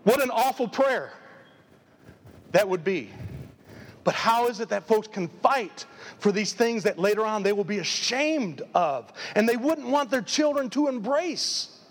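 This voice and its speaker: A man's voice: high-pitched, expressive, measured pace. A man preaching a live sermon as pastor, emphatic and full of repeated rhetorical questions. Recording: long reverb of a large hall.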